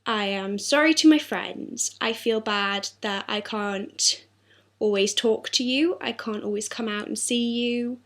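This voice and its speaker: A woman's voice: fairly high pitch, a little slow, a bit bright. A young woman talking earnestly and apologetically in a personal video diary, her throat sore. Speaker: vlogger.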